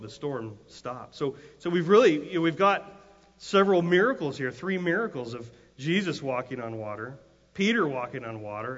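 A man's voice: fairly high pitch, fairly bright tone. A man preaching a sermon, telling a story in a loose, conversational way with frequent restarts, then rising to emphatic, impassioned cries. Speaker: pastor. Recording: long hall reverb, dull lo-fi sound.

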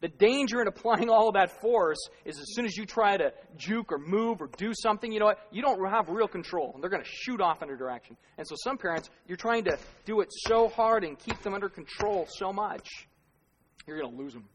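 A man's voice: sits high, lively intonation, fairly quick. A male pastor giving a conversational sermon, asking rhetorical questions and laughing at himself now and then. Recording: long reverb of a large hall.

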